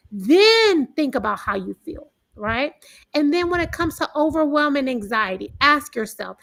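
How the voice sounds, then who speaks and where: A woman hosting a casual live wellness talk, speaking in an emphatic, animated way. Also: high voice, moderate pace, creaky. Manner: animated and emphatic, with rising outbursts.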